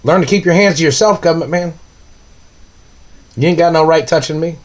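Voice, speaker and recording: A man's voice: a little high, brisk. A man delivering an angry, accusing monologue, ranting and firing off repeated questions.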